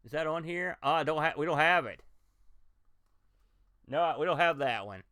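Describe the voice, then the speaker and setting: Man hosting a retro game stream, animated delivery, bright tone, excitable reactions to play. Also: fairly high pitch, moderate pace, clear, resonant tone, no echo, studio quality. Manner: excitable, reacts loudly to gameplay and talks to chat. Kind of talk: live game-stream commentary.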